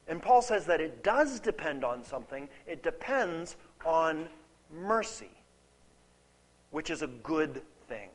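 A man with a fairly high, sing-song voice takes his time giving a conversational, expository Bible teaching, captured on poor audio. Key words get repeated for emphasis, and he checks in with listeners through "okay?" and "right?".

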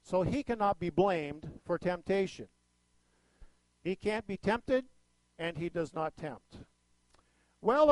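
A middle-aged male pastor delivers a folksy sermon with a high, lifted voice. He tells stories with animated swings in pitch and loudness. The sound is dry and close, with little room echo.

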